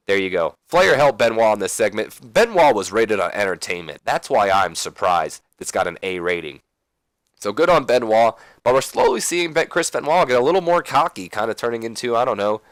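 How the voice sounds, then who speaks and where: A man's voice: fairly low pitch, no echo. A man hosting a let's play, giving loose, chatty game commentary with lots of filler.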